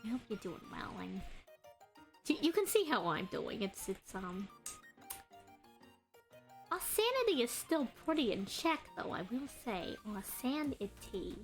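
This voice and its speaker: Chatty high-voiced woman streamer. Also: sing-song, faint music behind. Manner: chatty, rambling, greets chat by name; deliberately adopted speaking voice and cadence. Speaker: streamer and artist. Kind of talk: casual live-stream chat while drawing.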